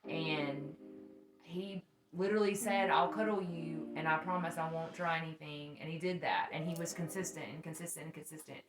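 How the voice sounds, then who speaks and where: A woman's voice: sits low, fairly even intonation, normal speed. A young woman chatting candidly and laughing while telling stories, frank and full of profanity. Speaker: podcast co-host. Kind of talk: candid casual chat. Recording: echoey room with faint music.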